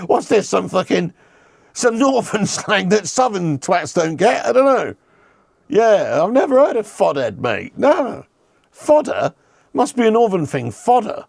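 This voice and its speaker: Gravelly, lively male stream host. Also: sits high, dry recording, clean studio sound. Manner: banters with chat, swears, laughs often. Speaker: football watch-along host. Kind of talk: casual live-stream chat.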